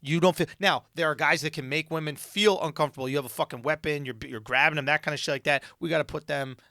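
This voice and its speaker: A man co-hosting a comedy podcast, talking in loud, excitable casual banter with plenty of swearing. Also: a little high, fast, dry recording, studio quality. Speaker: podcast co-host.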